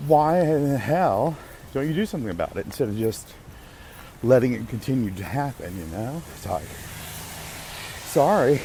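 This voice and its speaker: A man's voice: mid-range voice, sing-song, moderate pace, long pauses, dark tone, a little hiss or hum. A man hosting a podcast, rambling casually to himself with restarts and the odd curse. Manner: rambling, self-interrupting, occasional swearing. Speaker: podcast host.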